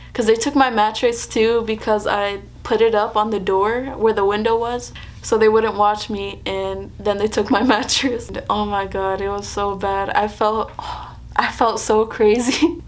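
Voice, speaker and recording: A woman's voice: mid-range voice, flat delivery, measured pace. A young woman vlogging, telling a personal story in a chatty way, laughing often and acting out what people said. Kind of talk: casual storytelling to camera.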